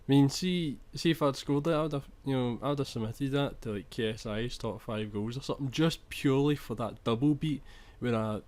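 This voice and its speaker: Commentating on his own football game footage, a young man speaks in a medium-pitched, darkish voice. He keeps up a chatty flow, restarting sentences and letting out swears when he's annoyed.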